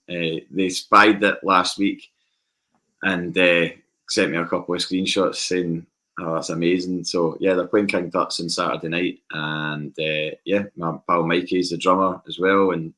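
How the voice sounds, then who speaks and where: A man with a Scottish accent telling lively anecdotes in a casual podcast chat. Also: low voice, a little slow. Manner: animated anecdotes with acted quotes. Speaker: podcast guest.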